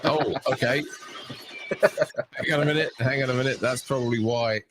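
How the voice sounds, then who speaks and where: A man's voice: mid-range voice, normal speed, background noise. A man talking casually on a home computer mic while hosting a movie watch party, chatty and laughing often. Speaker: podcast host.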